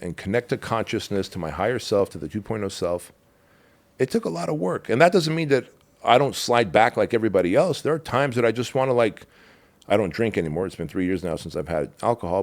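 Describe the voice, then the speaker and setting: Deep-voiced middle-aged man, raw and candid. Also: gravelly. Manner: raw and emotional, swears, calls the listener bro. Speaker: podcast guest. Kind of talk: candid personal storytelling.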